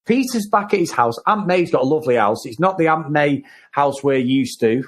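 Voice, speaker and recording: A man co-hosting a film review podcast, chatting casually, excitable and rambling, laughing as he goes. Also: a little high, moderate pace. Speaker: podcast co-host.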